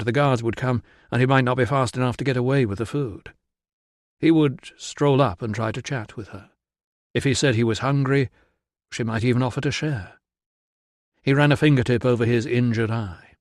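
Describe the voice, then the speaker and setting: A man giving measured, steady audiobook narration. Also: mid-range voice, dry recording, clean studio sound.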